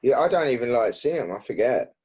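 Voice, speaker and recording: A man chatting as a podcast guest, his voice a little husky and breathy. He rambles loosely with plenty of restarts and casual swearing. His pitch sits in an ordinary middle range for a man. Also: very animated, brisk, darkish tone. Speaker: podcast guest, BMX rider.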